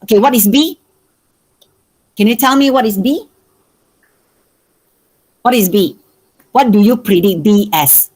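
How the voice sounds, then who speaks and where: A woman maths teacher with a Malaysian accent gives an online revision lesson, coaxing answers by repeating her questions over and over. Her mid-range voice is unhurried, a little mellow and husky, with frequent pauses and poor audio.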